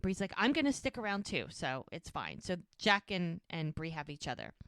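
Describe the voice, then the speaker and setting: A woman co-hosting a podcast, casually recapping a TV episode and acting out the characters' lines in quick voices. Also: fairly low pitch, wildly swooping pitch, a bit bright, clean tone, dry recording. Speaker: podcast co-host.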